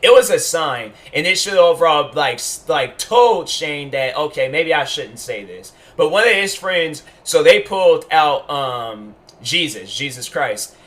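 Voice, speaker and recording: Bright, rambling man venting on camera. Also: on the high side, lively intonation, a little slow, few pauses. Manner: rambling, heavy on fillers and restarts, emphatic. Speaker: YouTube commentator. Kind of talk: casual commentary monologue.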